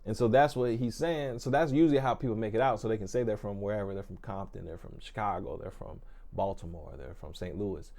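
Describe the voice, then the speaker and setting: Low, mellow-voiced man. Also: fairly quick. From Memphis, Tennessee, US. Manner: relaxed, explanatory, with frequent fillers and asides. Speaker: music reaction host. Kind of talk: casual reaction commentary.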